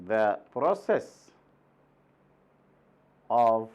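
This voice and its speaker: A man's voice: mid-range voice, sing-song, extremely slow, a little mellow, muffled recording. A man from Sudan, a native Arabic speaker, teaching an English lesson, repeating words with strong stress and often asking "right?". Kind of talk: recorded classroom lesson.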